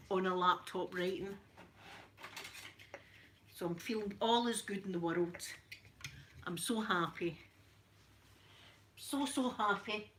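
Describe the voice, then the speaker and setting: A middle-aged woman with a Scottish accent talks casually to her live stream, bright and clear in tone. She greets viewers by name between stories and laughs easily. A faint background hiss sits under her voice. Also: mid-range voice. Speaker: vlogger.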